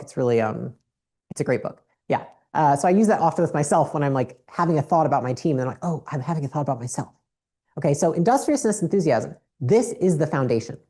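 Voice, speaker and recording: A woman's voice: deep voice, darkish tone, breathy edge. A woman giving a blunt, profane motivational business talk on stage with a handheld mic. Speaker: business speaker.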